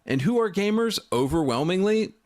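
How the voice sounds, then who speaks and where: Brief: male online commentator, animated swooping pitch, pointed emphatic delivery. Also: normal speed. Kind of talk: commentary video clip.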